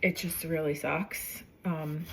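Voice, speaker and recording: A woman's voice: low-pitched, steady tone, slow pace, creaky, heavy background noise. A young woman telling a personal story casually, rambling and correcting herself with many fillers, while cooking in her kitchen. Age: young adult. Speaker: vlogger.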